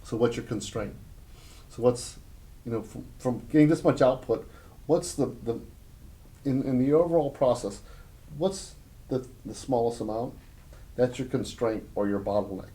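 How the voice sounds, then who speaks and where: A man presenting a business workshop to a small group in a room. His delivery is conversational and punchy, built on short emphatic phrases and stories. His voice sits at an ordinary middle pitch. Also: normal speed, pauses often, dark tone. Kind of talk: live workshop talk with anecdotes.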